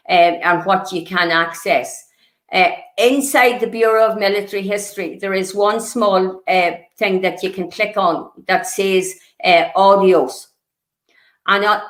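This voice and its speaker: Woman giving an echoey history talk. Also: medium pitch. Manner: earnest, explanatory, many fillers and restarts. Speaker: local history presenter.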